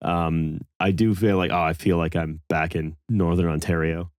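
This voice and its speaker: A man's voice: low voice, level tone, moderate pace, clean tone, no echo. A man hosting a podcast, chatting casually with dry, joking asides. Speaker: podcast host. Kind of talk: casual chat.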